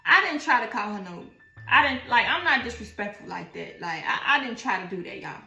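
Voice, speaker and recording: A young woman, telling a slangy, animated storytime in a casual vlog. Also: a little high, fairly quick, vocal fry. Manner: animated, slangy storytelling, voices others in quotes. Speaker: vlogger. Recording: echoey room with faint music.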